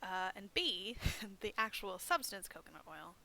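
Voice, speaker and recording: A young woman leads a library craft demo in a mid-range, sing-song voice, taking her time over some background noise. Her casual chatter is full of fillers like "um" and "like," and she often jokes at her own expense.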